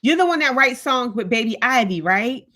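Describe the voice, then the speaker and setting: A woman's voice: fairly high pitch, animated, moderate pace, pushed and bright. A woman in her thirties hosting a casual live stream, chatting with viewers, greeting them by name and laughing often. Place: home, in front of lights.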